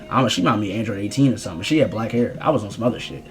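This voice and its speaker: A young man rambling through a casual storytime vlog in slangy, animated speech. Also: on the low side, rapid-fire, faint music behind. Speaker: streamer telling a story.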